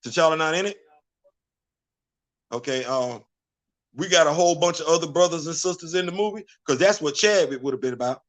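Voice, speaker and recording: A man's voice: fairly high pitch, brisk, long pauses. A man hosting his own vlog, giving casual opinion commentary full of emphatic repetition and rhetorical questions. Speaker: vlog host.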